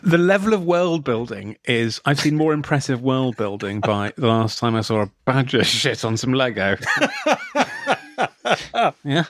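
A man's voice: medium pitch, a little slow, dry recording. A man co-hosting a podcast, reviewing a film in casual chat, often repeating words, swearing and laughing. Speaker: podcast co-host.

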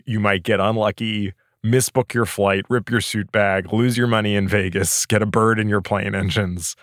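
Reflective low-voiced male podcast host. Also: gravelly, no echo, studio quality. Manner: reflective, laughs easily. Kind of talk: casual conversational podcast.

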